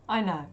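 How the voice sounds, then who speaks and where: A woman's voice: a little high, dull audio. An Australian woman chatting casually on a livestream as she paints, answering viewers with many ums and frequent laughs. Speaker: livestream artist.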